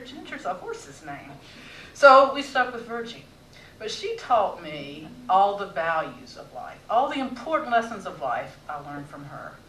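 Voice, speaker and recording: A woman storyteller with a slightly low, bright and forceful voice recounts family tales with wry timing and dramatic pauses. She is heard from some distance on a theater stage, with roomy echo around her. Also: a little hiss or hum.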